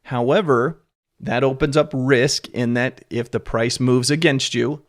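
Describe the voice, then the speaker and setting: A man with a mid-range voice explains a finance topic plainly on a podcast. He keeps a steady, even delivery and stops now and then to check that his listener is following. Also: medium pitch, unhurried. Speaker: podcast host explaining options.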